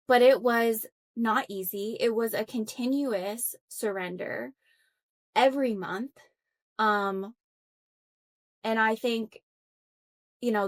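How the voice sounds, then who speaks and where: A young adult woman, a podcast guest, earnestly telling a personal story in conversation, reflective and full of fillers and restarts. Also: mid-range voice. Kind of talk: conversational interview.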